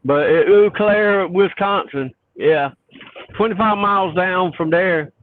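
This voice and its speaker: A man's voice: high voice, slow pace. Southern man on a tinny phone. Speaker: truck driver caller. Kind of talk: casual phone chat.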